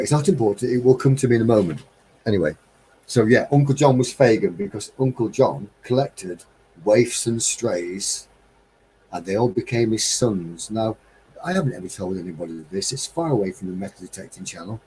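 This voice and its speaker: Middle-aged english guy on a live stream, lowish mellow voice, rambling and heartfelt. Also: slight background noise, poor audio. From England. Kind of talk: reflective casual monologue.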